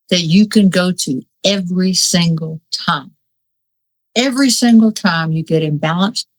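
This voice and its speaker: A woman's voice: fairly low pitch, low-quality recording. Fiery, earnest woman giving spiritual advice. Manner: fiery, earnest, plain-spoken. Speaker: guest, Reiki master. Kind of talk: spiritual talk show conversation.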